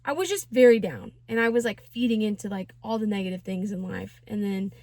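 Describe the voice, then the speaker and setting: A woman's voice: medium pitch, a little fast, a little mellow, no room sound, clean studio sound. A young woman in her twenties telling a personal story in a casual vlog, chatty and slangy with lots of fillers. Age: 20s. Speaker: vlogger.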